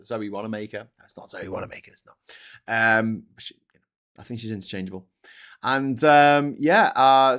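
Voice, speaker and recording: A man with a Scouse accent hosts a casual live stream, reading viewer comments aloud and answering them bluntly, with lots of swearing. His voice is medium in pitch and a bit bright.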